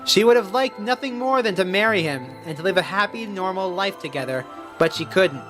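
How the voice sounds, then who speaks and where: Robotic grave man, put on by a male streamer, heavy slow monologue, raised pitch, quiet music. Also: lively intonation. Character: grave man recalling a painful past. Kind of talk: voicing game dialogue.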